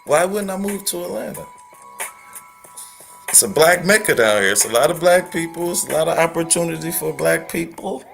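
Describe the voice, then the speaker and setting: A man's voice: on the high side, normal speed, creaky, fairly bright tone, faint music behind. A man hosting a live stream at home, giving casual reaction commentary with rambling, apologetic asides and laughter.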